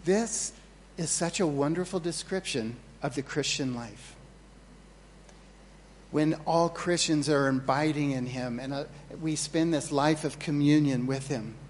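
A man preaching a sermon as pastor, earnest and storytelling, with animated retellings of his own moments of panic. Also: on the high side, measured pace, big-room sound, a little hiss or hum. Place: church hall.

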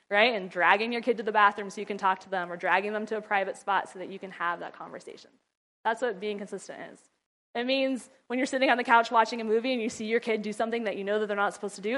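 Chatty woman with a higher voice. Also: fairly bright tone. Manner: chatty, laughs often, acts out quotes. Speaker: speaker teaching mothers. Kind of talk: casual teaching talk.

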